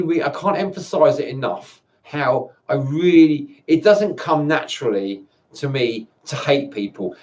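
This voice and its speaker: A man with a fairly high voice speaks in a personal monologue to camera. He sounds tired and stumbles through repeated words, swearing often as he talks. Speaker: vlogger.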